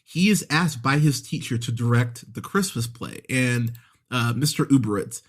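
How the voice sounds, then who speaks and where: A man's voice: medium pitch, lively intonation, moderate pace. A man hosting a movie podcast, reviewing an episode in a casual, chatty way with frequent laughs and fillers. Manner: chatty, laughs often, many fillers and restarts.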